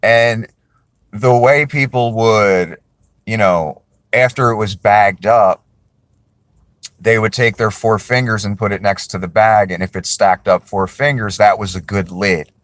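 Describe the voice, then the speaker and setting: A man with a lowish voice rambles through a casual chat to camera, often circling back and apologizing. The sound is close and dry, with no room around it. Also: fairly even intonation, a little slow, fairly bright tone, dry recording. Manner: rambling, apologetic, self-correcting. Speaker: video creator.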